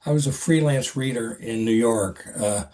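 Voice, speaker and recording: An older man, an actor, telling a story in a casual interview with a halting, rambling manner and many restarts. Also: medium pitch, darkish tone. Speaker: actor, podcast guest.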